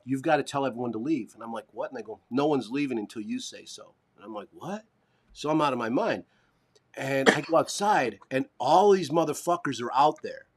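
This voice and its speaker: A man co-hosting a live stream, telling a long story in casual chat, swearing and acting out the people he quotes. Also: mid-range voice. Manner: animated, swearing, acts out quoted voices. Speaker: podcast co-host.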